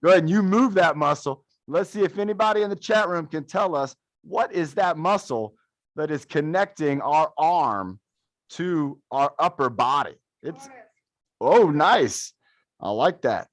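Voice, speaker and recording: A young man with a fairly high voice leads a fitness class, counting out reps and encouraging his students in an upbeat, playful way. The sound is dry and close, with no room echo. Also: expressive, measured pace. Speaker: fitness coach. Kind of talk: live adaptive fitness class instruction. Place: fitness studio.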